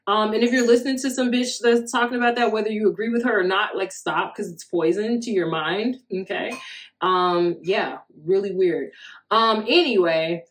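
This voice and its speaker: A woman's voice: medium pitch, normal speed. A woman in her thirties with a mid-range voice, talking through a loose solo podcast monologue. She is blunt and swears freely. She laughs often as she tells stories. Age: 30s. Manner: profane, candid, laughing storyteller. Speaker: podcast host.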